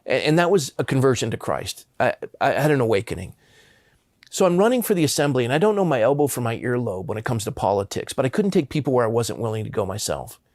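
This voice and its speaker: A man's voice: mid-range voice, big pitch swings, quick pace, a little mellow, dry recording, clean studio sound. A man in his fifties, a pastor from Southern California, earnestly telling personal stories in an interview. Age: 50s. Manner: earnest, impassioned.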